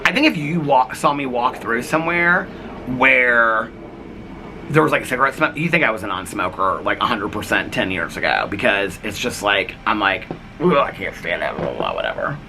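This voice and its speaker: A man's voice: mid-range voice, moderate pace, sharp tone, slight background noise. A man in his forties chatting casually to camera at home in a rambling vlog, full of fillers and little laughs. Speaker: vlogger. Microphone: camera on tripod.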